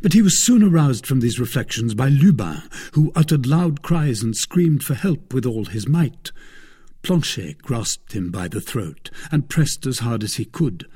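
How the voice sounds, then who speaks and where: A man narrating a classic adventure novel in a measured storytelling manner. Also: mid-range voice, big pitch swings, mellow, husky. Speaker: audiobook narrator.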